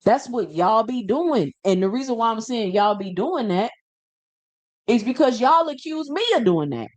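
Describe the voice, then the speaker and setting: A man's voice: very high voice, animated, moderate pace, a little mellow. A man hosting a boxing show, ranting casually and emphatically to camera, firing off rhetorical questions and repeating himself. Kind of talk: casual opinion rant to camera.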